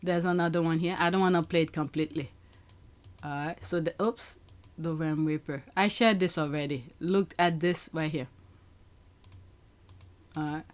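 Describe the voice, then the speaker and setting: A woman's voice: sits low, fairly even intonation, normal speed, pauses often. A woman hosting her own channel, chatting casually about social media posts and laughing often as she talks to viewers. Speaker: channel host.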